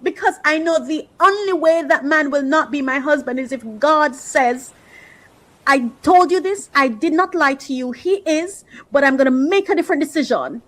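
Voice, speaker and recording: A woman speaking from the heart on a talk podcast, earnest and reflective, with slow, emphatic stretches and moments where she is moved to emotion. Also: high-pitched, a bit bright, low-quality recording. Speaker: podcast host. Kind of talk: heartfelt personal monologue.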